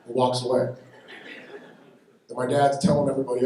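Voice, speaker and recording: A man's voice: mid-range voice, level tone, brisk. A man doing a stand-up comedy set at a live benefit show, telling punchy, irreverent stories. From United States. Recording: echoey hall from far off, faint noise.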